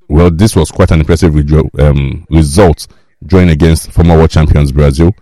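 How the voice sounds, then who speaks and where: A Nigerian man hosts a radio talk show from the studio, his voice extremely low, dark and mellow. He talks through the news in a relaxed, wry way, pausing on fillers as he thinks aloud. The sound is close and dry. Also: dry recording. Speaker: radio host.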